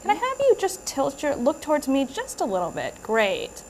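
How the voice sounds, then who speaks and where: A woman clinician giving a patient gentle, reassuring step-by-step instructions during an exam. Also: high voice, huge pitch swings, moderate pace, slight background noise. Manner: gentle, reassuring, brief prompts. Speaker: clinician performing endoscopy.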